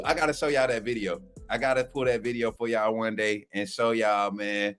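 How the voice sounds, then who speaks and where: A man hosting a fan live stream, talking like a preacher, calling out to viewers, shouting and laughing often. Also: on the low side, fairly even intonation, moderate pace, hardly any pauses, clean tone, faint music behind. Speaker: sports channel host. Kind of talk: live-stream chat, mock preacher call.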